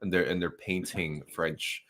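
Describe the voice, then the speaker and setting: A man's voice: deep voice, steady tone, unhurried, fairly bright tone. A man co-hosting a casual podcast chat, blunt and profane, laughing easily as he talks. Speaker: podcast co-host.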